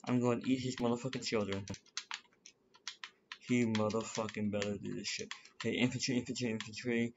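A man's voice: medium pitch, level tone, a little fast, pauses often. A man giving nervous, rambling, profane commentary while playing a strategy game. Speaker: gamer. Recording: lo-fi with loud background noise. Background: keyboard clicks and typing.

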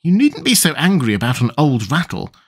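A man's voice: fairly high pitch, big pitch swings, moderate pace, fairly bright tone, voice pushed up. A man voicing a polite, curious little girl who speaks in a prim, earnest way. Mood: gentle. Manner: prim, earnest and well-spoken.

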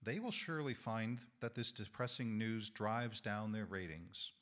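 Speaking in a church sanctuary, a lay speaker gives a reflective sermon with a lowish, expressive voice that is fairly bright yet hoarse, as though he is losing it. He remains thoughtful and measured, making small corrections as he goes.

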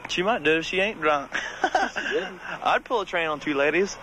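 A man's voice: a little high, expressive, normal speed, sharp tone, a little hiss or hum, low-quality recording. Crude, laughing young man. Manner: crude, laughing, acts out voices in his stories. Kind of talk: bragging storytelling among friends. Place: outdoors.

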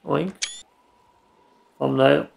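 A man's voice: fairly high pitch, steady tone, drawn-out words, gravelly. A man giving casual, self-mocking commentary while he plays a video game. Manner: dry, self-mocking remarks while playing. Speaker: gameplay streamer. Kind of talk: casual let's play commentary.

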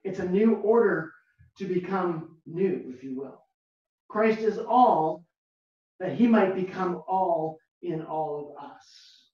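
A pastor preaching a sermon slowly and emphatically, repeating key words and asking the listeners rhetorical questions. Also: medium pitch, darkish tone. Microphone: video call, far from the mic. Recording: very echoey, distant, dull lo-fi video call audio.

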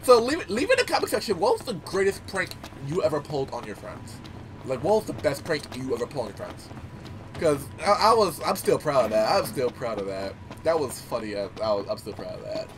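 A man's voice: fairly high pitch, very animated, brisk, noisy background. A man giving casual gameplay commentary, telling stories animatedly, swearing and laughing often. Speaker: gaming YouTuber.

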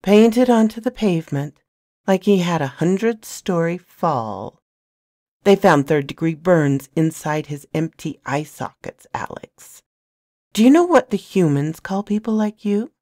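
Woman playing a sneering female enforcer, patronizing, swooping voice, slow, dry. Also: on the low side, lively intonation, warm tone, no echo, voice pushed up. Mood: mocking. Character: haughty female enforcer, mocking and cold.

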